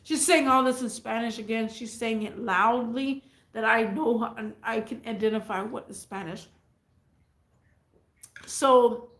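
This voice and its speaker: A woman's voice: on the high side, a bit bright, echoey room. A woman vlogger casually and animatedly retelling a neighbor story, rambling as she goes.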